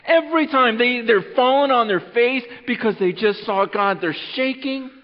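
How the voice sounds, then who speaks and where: A man preaching an earnest Christmas Eve sermon. He repeats words as he goes and swings between loud urging and a hushed voice. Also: very high voice, moderate pace. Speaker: pastor. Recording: muffled sound with long hall reverb.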